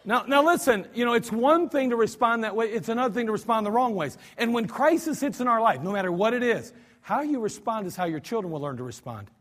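High-voiced animated preacher in a reverberant hall. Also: male voice, fast talker. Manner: animated, acts out cries and mock cussing, many restarts. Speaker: pastor. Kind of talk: sermon. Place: church sanctuary. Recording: archived service recording with long hall reverb.

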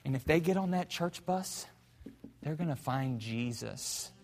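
A man's voice: a little high, animated, a little slow. Fervent man preaching in echoey hall. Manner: fervent storytelling, swings between loud and hushed. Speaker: pastor. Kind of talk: sermon. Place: church sanctuary.

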